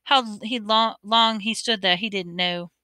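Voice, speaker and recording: Bright, crisp woman reading aloud. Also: medium pitch, moderate pace, dry recording. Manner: expressive reading with occasional stumbles. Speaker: audiobook reader. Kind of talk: amateur audiobook narration.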